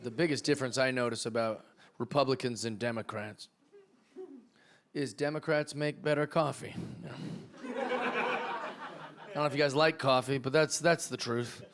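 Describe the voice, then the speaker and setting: A man's voice: medium pitch, lively intonation, moderate pace, long pauses, a bit bright. A man from Seattle doing a stand-up comedy set on stage with a handheld mic, ranting energetically with restarts and frequent "right?". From Seattle, USA. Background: audience laughter.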